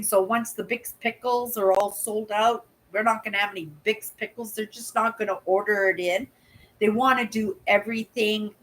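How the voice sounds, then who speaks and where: Chatty older woman, bright voice. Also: medium pitch, low-quality recording. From Canada. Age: 60s. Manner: chatty storyteller, keeps asking "right?"; acts out voices in quoted dialogue. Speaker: channel host. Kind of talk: casual live chat.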